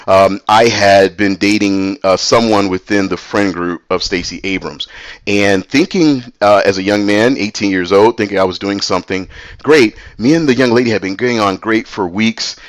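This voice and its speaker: A middle-aged man casually telling a personal story, animated and slipping into other people's voices. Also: lowish voice, no echo.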